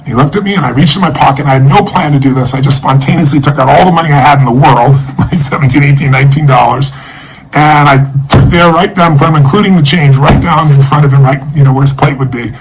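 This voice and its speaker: A man, a motivational speaker, telling a personal story and making a charity appeal in an emotive, energetic way. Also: fairly high pitch, fast, a little hiss or hum, low-quality recording.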